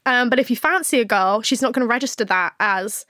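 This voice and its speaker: Frank, high-voiced woman host. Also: fairly quick, pushed and bright, no room sound, studio quality. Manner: frank, swears freely, laughs often. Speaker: podcast host. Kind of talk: candid casual chat.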